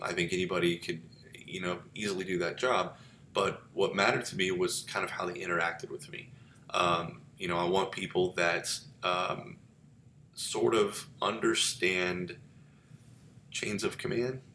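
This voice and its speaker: A man's voice: sits low, steady tone, unhurried, sharp tone, a little hiss or hum. A man giving a casual lecture in a conversational, rambling way, full of fillers and restarts. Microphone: webcam with filter. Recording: echoey room.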